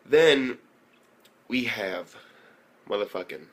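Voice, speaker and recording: A young man casually reviewing an anime episode, excitable and profane, often jumping into exaggerated character voices. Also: lowish voice, slow pace, slight background noise.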